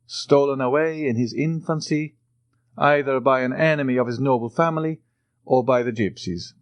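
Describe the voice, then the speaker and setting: A man voicing a composed count who speaks in a measured, assured way. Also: mid-range voice, no room sound, pitched above the performer's own voice, lightly acted.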